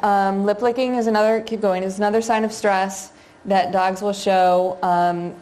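A woman's voice: mid-range voice, darkish tone. A woman teaching a live seminar, talking conversationally to the audience with frequent fillers and questions. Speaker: seminar instructor on dog behavior.

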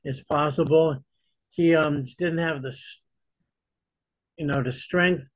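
A man's voice: a little high, steady tone, takes it slowly, dry recording. A man teaching a church Bible study in a conversational way, often repeating words as he restarts. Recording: dull lo-fi dry recording.

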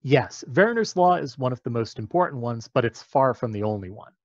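A man's voice: medium pitch, expressive, a little fast, no room sound, highs cut off. A man explaining a topic step by step in a patient, methodical lecture.

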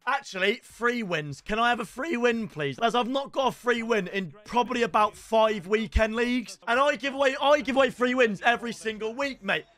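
A young man commentating live on his own gameplay as a streamer, excitable and swinging between hype and groans. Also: very high voice, brisk, few pauses, dry recording. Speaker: gaming streamer.

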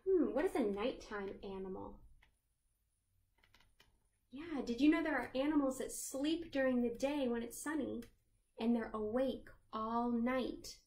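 A woman librarian reading a picture book aloud to children, gently asking them questions along the way. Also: a little high, a little slow, pauses often. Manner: sings the chorus lines in a lilting voice.

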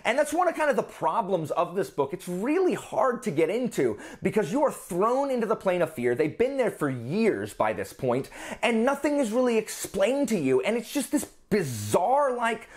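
A man giving a casual book review on his vlog, explaining in a rambling, animated way. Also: high-pitched.

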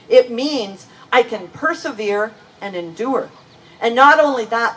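A woman's voice: on the high side, fairly bright tone. A woman pastor preaching a sermon in a church, earnest and emphatic, leaning on key words. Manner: earnest, emphatic preaching with slow deliberate stresses. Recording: voice from a distance with faint ambient noise.

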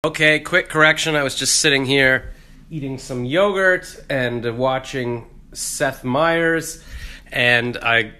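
A man's voice: mid-range voice, slow pace, bright, forceful tone. A man rambling through a jokey, self-deprecating casual vlog. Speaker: vlogger.

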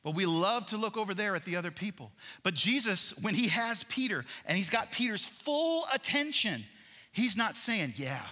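A man preaching a sermon as a pastor, animated, swinging between loud emphasis and hushed passages. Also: high-pitched, moderate pace, long reverb tail.

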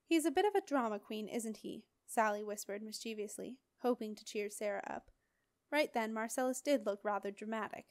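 A woman narrates a fantasy audiobook with expressive, dramatic storytelling. Her voice sits slightly high. The recording is close and dry, with no reverb. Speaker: audiobook reader.

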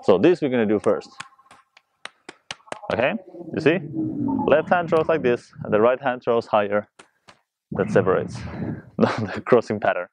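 A man teaching a juggling tutorial, talking fast and loosely while he demonstrates. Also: mid-range voice, animated, lo-fi sound. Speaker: juggling instructor. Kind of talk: casual spoken tutorial.

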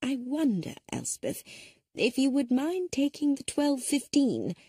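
A woman's high-sitting voice, pushed up further and exaggerated, brings an elderly spinster detective to life in an audiobook reading. It's very animated yet a little slow, warm and husky. The gentle, sharp-witted character speaks mildly and politely as she thinks things through carefully, captured in studio quality with no room sound.

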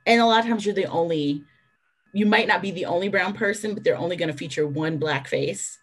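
A woman on a discussion panel who speaks candidly and in a storytelling way, with brisk asides. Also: fairly low pitch. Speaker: phone sex worker on a panel.

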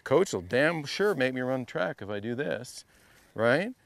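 A man's voice: medium pitch, sing-song, measured pace, vocal fry, no echo. A man coaching a student through a golf lesson, playful and teasing, repeating short drill cues over and over. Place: golf academy practice area.

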